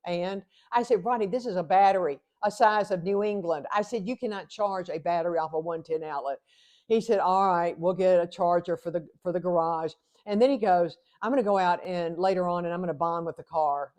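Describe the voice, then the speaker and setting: An older woman, telling a funny personal story as host and acting out the dialogue with animation. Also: lowish voice. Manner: animated, acts out both sides of dialogue. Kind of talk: comic storytelling monologue.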